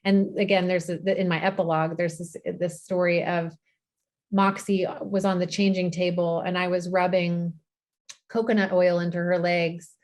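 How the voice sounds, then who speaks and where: Halting, heartfelt woman podcast guest. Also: fairly low pitch, level tone, a little mellow. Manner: halting, with many restarts and repeated words; tender, heartfelt storytelling. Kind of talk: emotional podcast conversation.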